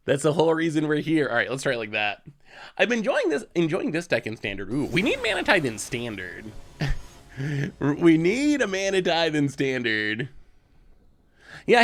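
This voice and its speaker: A man's voice: medium pitch, fairly bright tone. A man hosting a show, giving casual commentary on a card game as he plays, chatty and laughing often. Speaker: host.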